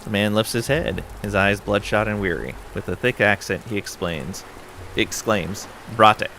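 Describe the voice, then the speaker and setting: A man streaming a casual game playthrough, reading story text aloud in a relaxed way with asides. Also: on the low side, moderate pace, gravelly, slight background noise. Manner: relaxed, with frequent ums and asides.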